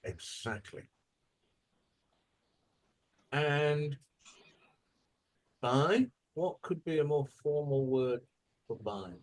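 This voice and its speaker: A man's voice: fairly high pitch, animated, extremely slow, long pauses, darkish tone. A man teaching a classroom English lesson, quizzing students on formal words and modeling the stress of each word. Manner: questioning, drills pronunciation by modeling words.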